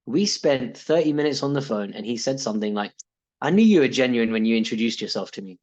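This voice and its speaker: A man's voice: medium pitch, expressive, fast, darkish tone, highs cut off. A British man talking casually and reflectively about his coaching, rambling with restarts and laughs. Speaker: coaching client.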